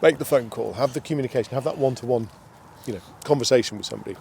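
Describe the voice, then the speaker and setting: Fast-talking gravelly male host outdoors. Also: mid-range voice, darkish tone. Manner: rapid, musing questions, chatty asides. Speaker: podcast host. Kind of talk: outdoor conversational interview. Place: outdoors by a towpath with passing traffic. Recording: outdoor recording with faint street noise.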